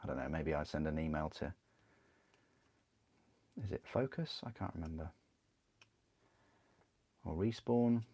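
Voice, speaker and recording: A man's voice: a bass voice, expressive, measured pace, pauses often, dark tone. A man chatting casually on a livestream while building a model kit, rambling, answering chat and laughing often.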